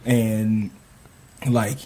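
A man telling a funny story on a comedy podcast in casual chat, animated and laughing as he acts out loud voices. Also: fairly low pitch, extremely slow, husky. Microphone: studio podcast mic.

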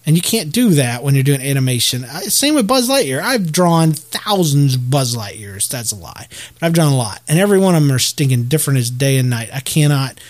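A man's voice: on the high side, big pitch swings, brisk, hardly any pauses. A man in his thirties hosting a casual solo podcast, rambling and joking at his own expense. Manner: rambling, self-deprecating, many restarts. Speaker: podcast host.

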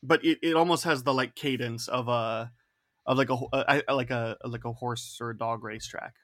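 A man's voice: medium pitch, steady tone, fairly quick, fairly bright tone, no echo. Rambling man host, dry close mic. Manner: hesitant, rambling questions with many fillers. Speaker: podcast host. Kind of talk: casual podcast chat.

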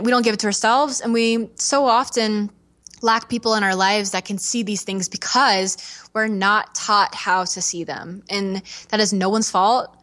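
A young woman speaks as a podcast guest in an earnest, heartfelt way. She talks with animation and slips into the voices of people she quotes. Her pitch sits in a middling range. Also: steady tone, measured pace, fairly bright tone. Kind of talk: candid podcast interview.

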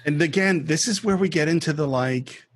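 In a casual film podcast, the co-host recounts scenes one step at a time and voices the quotes himself. He speaks at a moderate pace, with a voice that sits a little high.

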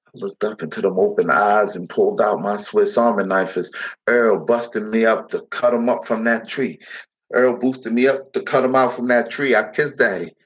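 A man telling a dramatic first-person story in heavy dialect, slipping into the voices of the people in it. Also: lowish voice. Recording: dull lo-fi recording.

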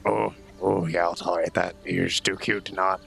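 Gravelly, teasing man playing a tabletop game. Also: deep voice, flat delivery, moderate pace, fairly bright tone, faint music behind. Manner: teasing, playful, mock-gallant. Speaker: player. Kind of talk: in-character tabletop play.

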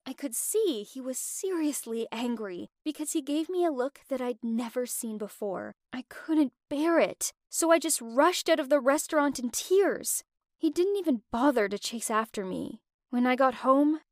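High-voiced young woman narrating a story. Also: dry recording, studio quality. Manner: emotional, expressive storytelling. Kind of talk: first-person story narration.

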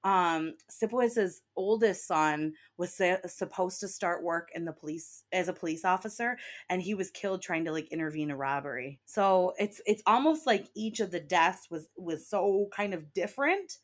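A woman's voice: on the low side, expressive, normal speed, hardly any pauses. A woman with an Inland Northern American accent co-hosting a podcast, chatty and enthusiastic, often laughing. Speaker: podcast co-host. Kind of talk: casual chat about a TV show.

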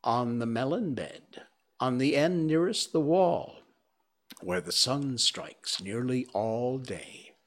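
A man voicing a small, silly male tailorbird who talks in an excited, sing-song, praising way. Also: medium pitch, slow pace.

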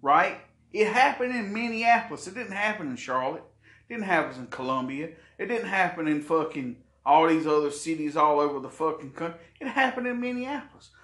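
A man's voice: on the high side, lively intonation, fairly quick, fairly bright tone, roomy sound. A man from South Carolina, hosting a podcast in a heated, profane, rambling rant. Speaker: podcast host. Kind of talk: ranting monologue.

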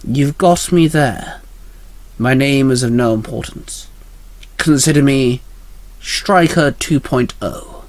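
A man voicing a cold, scarred male villain who speaks in a slow, quiet, menacing way. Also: medium pitch, no echo, lightly acted.

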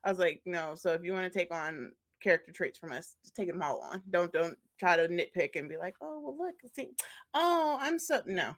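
Woman podcast co-host, casual and animated, laughs a lot, mimics others. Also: on the low side, brisk, few pauses. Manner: animated, laughs often, acts out quoted voices. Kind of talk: casual chat.

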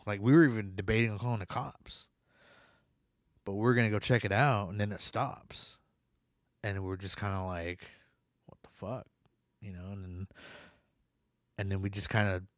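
A man's voice: lowish voice, no room sound, clean studio sound. A young man casually telling a spooky personal story, rambling with lots of "like" and "you know.". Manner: swears in quoted reactions. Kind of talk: casual spoken ghost story.

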